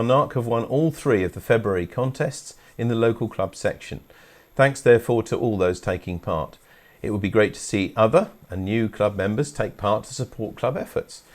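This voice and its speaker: A man from England hosting a live club webcast, talking informally with fillers and restarts. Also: mid-range voice. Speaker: host.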